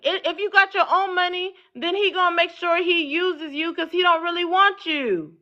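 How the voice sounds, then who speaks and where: A woman with a high voice hosts a live panel debate and talks in a bossy way, interrupting often to take back the floor. Her audio comes through dull and lo-fi, like a live stream. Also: steady tone, moderate pace, few pauses, sharp tone. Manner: bossy, cuts in, hold on repeatedly. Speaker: talk show host.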